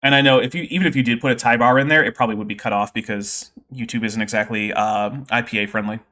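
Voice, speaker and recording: A man's voice: mid-range voice, steady tone, fast, bright, forceful tone. A man hosting a livestream, explaining science in a casual, nerdy way with many fillers. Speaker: host.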